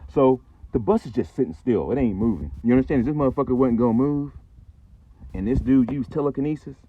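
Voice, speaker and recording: A man's voice: mid-range voice, quick pace, slightly rough. A man telling a rambling, profane, conspiratorial story in a casual vlog. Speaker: channel host. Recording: tinny phone-like sound.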